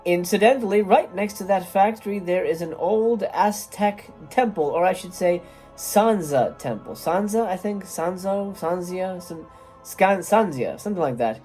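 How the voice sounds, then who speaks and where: A woman's voice: on the low side, animated, moderate pace, dark tone, faint music behind. A woman hosting a casual film review, chatty and wry, with frequent hesitations. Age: adult parent. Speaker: movie reviewer and channel host.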